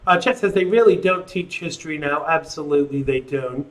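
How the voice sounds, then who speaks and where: A man's voice: on the high side, brisk. A man hosting a live call-in talk show, rambling casually and reading viewer comments aloud.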